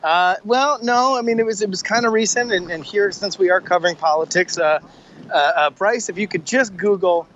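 A man's voice: high voice, a little fast, a bit bright, lo-fi sound, a little hiss or hum. A man co-hosting a comedy podcast, rambling in casual chat with lots of stammered restarts and jokes. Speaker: podcast co-host.

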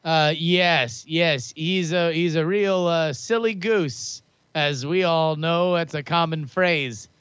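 A man's voice: a little high, steady tone, takes it slowly, hardly any pauses, a bit bright, clean tone, no room sound, lo-fi sound. A man co-hosting a comedic podcast, talking in a wry, rambling way full of hesitant fillers. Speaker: player and podcast co-host. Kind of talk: casual comedic chat.

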